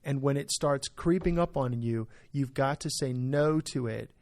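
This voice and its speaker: A man's voice: medium pitch, a little slow, darkish tone. A man, a pastor, talking through a topic on a church podcast in an earnest, emphatic way, often checking in with "right?". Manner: earnest, emphatic, full of "right?" tag questions. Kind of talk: podcast discussion.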